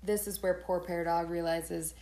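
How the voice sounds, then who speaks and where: A woman's voice: lowish voice, little pitch movement, moderate pace, dark tone. A woman co-hosting a podcast, recapping chapters in a chatty way with dry asides and laughs. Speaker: podcast co-host. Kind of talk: casual book-club recap.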